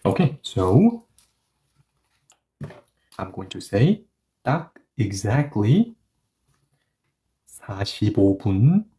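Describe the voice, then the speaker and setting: A man's voice: very animated, mellow. Korean-native man teaching, thinking aloud. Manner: explains step by step, thinks aloud with lots of "okay, so" and rhetorical questions; says the Korean example phrases slowly and lower, repeating them several times. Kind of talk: casual video lesson.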